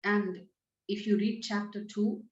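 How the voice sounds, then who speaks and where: Woman scripture teacher, mid-pitched, conversational explainer; roomy, slightly muffled recording. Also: level tone, a little slow, darkish tone, slight background noise. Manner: conversational, paraphrasing verses in plain everyday words.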